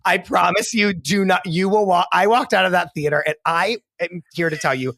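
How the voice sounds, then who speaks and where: A man's voice: sits high, normal speed, pushed and bright, no room sound, studio quality. A man co-hosting a comedy podcast, talking emphatically and leaning on "like" as a filler. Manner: emphatic, heavy use of "like". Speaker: podcast co-host. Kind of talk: casual comedic chat.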